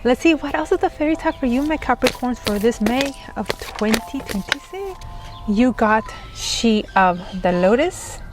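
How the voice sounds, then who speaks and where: A woman's voice: on the high side, animated, normal speed, noisy background. Giggly, gushing woman tarot reader. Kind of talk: spiritual tarot reading.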